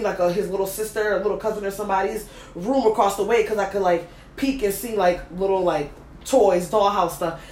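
A woman hosting a casual chat and telling a lively, slangy story about a date. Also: medium pitch, reverberant. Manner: animated, slangy, laughing storyteller. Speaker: host.

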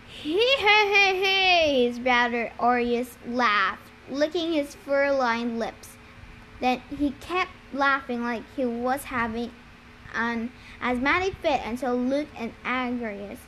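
A woman with a high voice reading a novel aloud in a plain, amateur way, now and then tripping over a word and fixing it. A faint hiss of noise sits under the home recording. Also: fairly bright tone. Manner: amateur reading with small stumbles and self-corrections. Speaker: reader.

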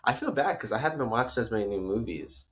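Co-host, young adult male, low voice, easygoing and loose. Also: expressive, fast talker, fairly bright tone, slightly rough. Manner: laid-back, loose phrasing with "like" and "kinda". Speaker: podcast co-host. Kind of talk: casual movie review chat.

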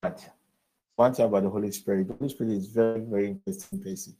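A pastor at an evening service, earnestly exhorting the congregation and leading prayer. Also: male voice, lowish voice, sing-song, fast talker, mellow, low-quality recording.

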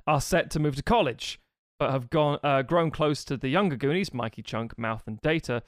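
A man co-hosting a casual podcast, pitching a film idea with jokey asides and quick impressions. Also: no echo, studio quality. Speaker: podcast co-host pitching a sequel. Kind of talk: casual chat.

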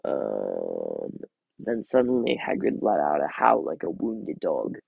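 A man hosting a podcast, reading a novel aloud in a steady, plain way with small slips, then reviewing it. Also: very deep voice, takes it slowly, gravelly, breathy edge, no echo, phone-quality sound.

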